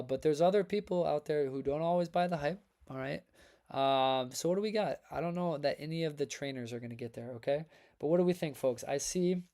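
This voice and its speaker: A man hosting a trading card livestream, chatting casually with viewers in a hyped, upbeat way, his voice worn from reading. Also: fairly high pitch. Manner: energetic, hype-filled, talks to chat as folks and man. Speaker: livestream host reviewing trading cards.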